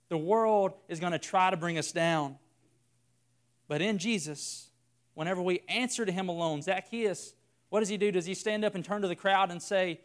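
Male preacher, earnest sermon delivery with repetition, smooth resonant tone. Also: high-pitched, moderate pace. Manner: earnest, builds by repeating phrases.

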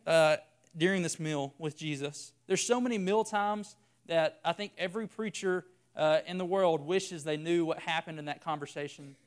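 A man preaching a sermon in an earnest way, building his points by repeating phrases. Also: sits high.

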